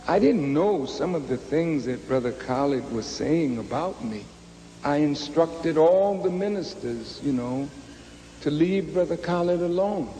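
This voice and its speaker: A man who leads ministers, recounting events in a measured, reflective speech. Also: a little high, animated, dark tone, slight background noise. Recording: long hall reverb.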